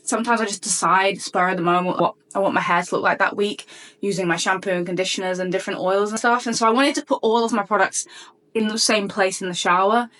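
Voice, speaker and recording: A young woman chatting to camera as a beauty vlogger, gushing and excitable as she unboxes products in fast bursts. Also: medium pitch. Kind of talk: casual unboxing chat to camera.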